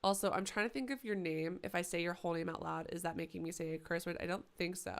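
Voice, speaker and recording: A woman commenting live as she plays a horror game, chatty and swearing, yelling at the characters. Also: fairly low pitch, steady tone, fast, vocal fry. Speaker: streamer playing a horror game.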